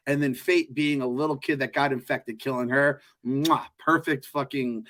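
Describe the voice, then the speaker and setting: A man co-hosting a podcast, chatting casually in an animated, joking way with lots of swearing. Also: medium pitch, moderate pace, few pauses. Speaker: podcast co-host. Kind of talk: casual chat.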